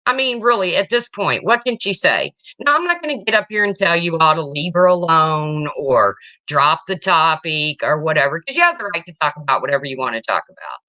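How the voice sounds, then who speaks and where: Woman, low voice, bright tone, casual livestream chat, answers comments. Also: expressive, brisk, hardly any pauses. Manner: chatty, reads and answers viewer comments. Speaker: livestream host.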